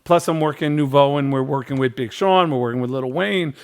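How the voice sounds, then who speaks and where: A man's voice: medium pitch, brisk, clear, resonant tone. A middle-aged man hosting a podcast, telling a long story in casual chat and acting out the people he quotes with lots of repetition. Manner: animated storyteller, acts out quotes, repeats phrases. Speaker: podcast host.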